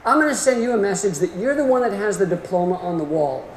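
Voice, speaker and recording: A man's voice: high voice, animated, fast. A middle-aged man giving a continuing-education lecture, folksy and emphatic in manner. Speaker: orthodontic lecturer. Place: lecture hall. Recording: echoey hall with faint room noise.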